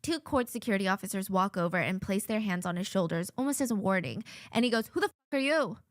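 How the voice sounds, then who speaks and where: A woman's voice: medium pitch, quick pace, no room sound, studio quality. A woman hosting a true-crime commentary, retelling a court hearing in an indignant, conversational way. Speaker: host.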